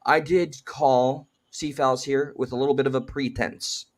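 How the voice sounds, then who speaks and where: A man's voice: medium pitch, steady tone, moderate pace. Wordy male chat host. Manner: wordy, slightly formal phrasing with restarts. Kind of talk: casual chat. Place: his home.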